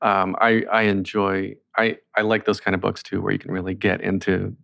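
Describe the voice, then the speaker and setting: Man, podcast host, gravelly voice, fairly low, casual and thoughtful. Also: little pitch movement, moderate pace, a bit bright. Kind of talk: conversational interview.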